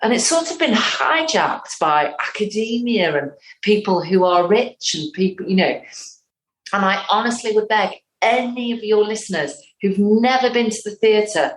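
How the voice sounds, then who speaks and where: A woman in her fifties with a Northern English accent, a playwright and actor giving a lively interview and acting out lines of dialogue as she talks. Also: mid-range voice, moderate pace, roomy sound, poor audio. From North West England. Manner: animated, acts out quotes.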